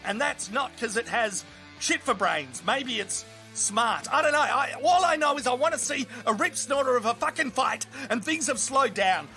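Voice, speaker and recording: An Australian man giving crude, excitable mock sports commentary, shouting at big moments. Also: extremely high pitch, normal speed, soft background music. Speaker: comedy fight commentator.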